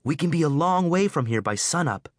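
A man's voice: fairly high pitch, lively intonation, a little fast, no echo, clean studio sound, pitched above the performer's own voice. A man doing a brash, determined teen girl. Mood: urgent, defiant. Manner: pushy, brash. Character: spunky determined teenage girl.

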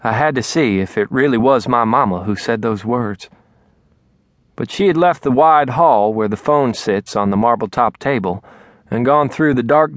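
A man narrating an audiobook in a soft, even storytelling voice. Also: medium pitch, no echo. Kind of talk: scripted narration. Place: recording studio.

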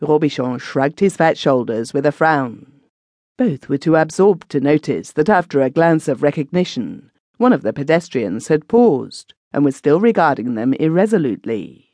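A woman narrating a classic story as an audiobook narrator, measured and expressive. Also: deep voice, dry recording, clean studio sound. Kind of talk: scripted narration.

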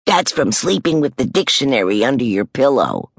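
A woman's voice: rumbling low, big pitch swings, normal speed, gravelly, husky, no room sound, studio quality, exaggerated voice. A woman voicing a young boy who teases his sister in a bratty, taunting way in an audiobook. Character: teasing little brother. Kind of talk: audiobook character voice.

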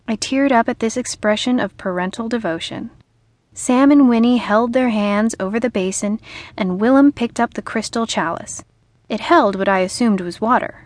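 A woman narrating a humorous novel in the first person, with a lively storytelling manner, recorded on a studio microphone. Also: fairly high pitch, normal speed, no room sound. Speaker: audiobook narrator.

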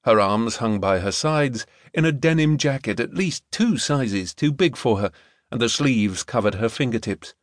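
A man narrating a novel in a measured, expressive reading. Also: mid-range voice, no echo, studio quality. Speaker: audiobook narrator. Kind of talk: scripted narration.

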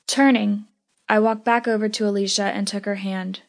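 A woman narrates a first-person audiobook with a steady, even delivery. Her pitch sits in the middle range. The reading is scripted and measured.

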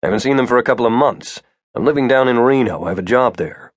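A man voicing an uneasy young man in an audiobook, explaining himself in a quick, defensive way. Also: medium pitch, expressive, no echo, clean studio sound, lightly acted. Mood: evasive. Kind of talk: audiobook character voice.

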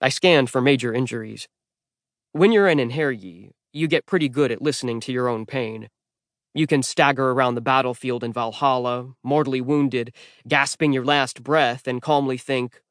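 Casting male audiobook narrator, mid pitch, wry deadpan read, dry booth. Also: normal speed, no room sound. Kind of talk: first-person scripted narration. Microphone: close studio mic. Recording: dry studio recording.

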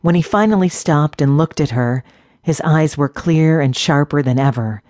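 Female audiobook narrator, steady measured fantasy read, dry close sound. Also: sits low, dry recording.

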